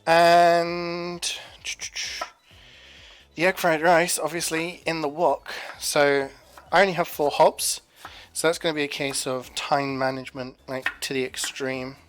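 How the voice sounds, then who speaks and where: A chatty man talks to his stream while he cooks in his home kitchen, rambling from one thought to the next. His voice sits a little high for a man, and soft music plays faintly behind him. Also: level tone, unhurried, smooth. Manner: rambling, chatty, talking to chat while cooking. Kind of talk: casual cooking stream chat.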